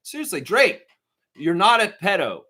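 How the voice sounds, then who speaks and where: A man's voice: high-pitched, moderate pace. A man hosting a live stream, chatting casually, reading viewer comments and breaking into mocking outbursts. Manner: animated, swings into mocking impressions and shouts; reads and answers viewer chat.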